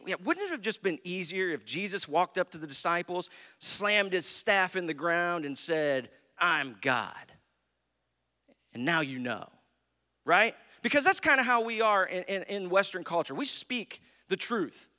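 An American man preaching in a church, telling the story with feeling and often checking in with "right?". His voice sits high and swings widely. It rings with a long reverb from the sanctuary. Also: expressive, moderate pace, bright, forceful tone. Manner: storytelling preacher, acts out quotes, asks "right?". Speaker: pastor. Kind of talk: sermon.

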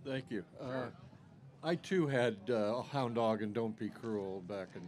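A man's voice: medium pitch, measured pace, darkish tone, slight background noise. Older man audience member, chatty reminiscing, faint ambience behind. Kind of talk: audience question at a live interview.

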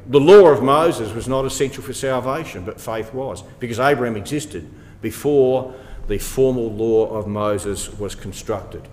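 A man at middle pitch leads a Bible study, working through a passage verse by verse. He presses his points with rhetorical questions and emphatic repetition. His voice rings with the long reverb of a large hall. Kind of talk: expository Bible talk.

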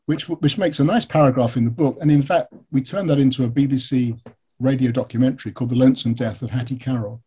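English male biographer, interview guest, warm husky tone, chatty anecdotal delivery. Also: medium pitch, quick pace. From England. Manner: candid, storytelling, frequent fillers. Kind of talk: conversational interview answers.

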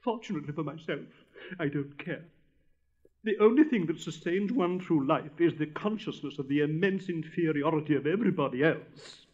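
A conceited talking firework rocket, haughty and self-pitying, his voice pitched high and lifted. A man acts him out on a dull old storybook recording. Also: lively intonation, normal speed, a little mellow. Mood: pompous. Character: vain, pompous male firework rocket.

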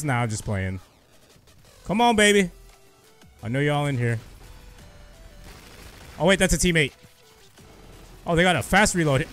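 A young man giving excited live commentary over his own gameplay, shouting and cheering when he gets kills. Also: on the high side, a little slow, long pauses, faint music behind. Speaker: gaming youtuber.

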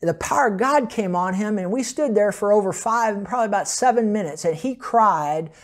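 Speaking quickly in a high voice, a man preaching as pastor shares personal testimony stories. He tells them emphatically and laughs now and then between his points.

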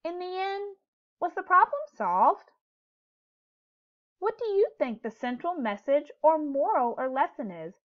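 Reading a storybook with young children, a woman teacher talks a little slowly and pauses often. Her pitch is higher and her delivery lively and up-and-down, her questions gentle and clear, all on a dull, lo-fi recording.

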